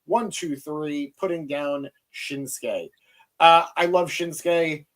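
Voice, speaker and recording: A man's voice: on the high side, fairly even intonation, takes it slowly, a bit bright. A young man hosting a wrestling recap podcast, talking enthusiastically and conversationally. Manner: enthusiastic, conversational, hands off to co-host. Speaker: podcast host. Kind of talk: casual wrestling recap chat.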